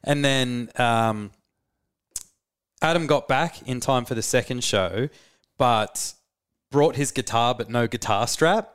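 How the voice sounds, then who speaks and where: An Australian man, a musician co-hosting a podcast, tells a tour story in a relaxed, chatty way, with easy laughs. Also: medium pitch, takes it slowly, long pauses, clean tone. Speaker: touring musician, podcast co-host. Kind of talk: casual storytelling chat.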